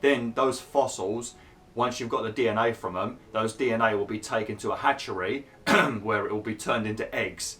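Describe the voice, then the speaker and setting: A man hosting a gaming channel, explaining a park-building game step by step with lots of fillers while his voice is going hoarse. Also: lowish voice, moderate pace, a bit bright, a little hiss or hum. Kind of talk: casual gameplay commentary.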